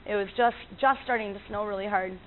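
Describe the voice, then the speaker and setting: Over a tinny, lo-fi line with faint noise, a woman who works as an animal communicator tells stories in casual conversation. Her mid-range voice moves at a quick pace, and she's chatty, laughs frequently, and fills her speech with fillers and restarts.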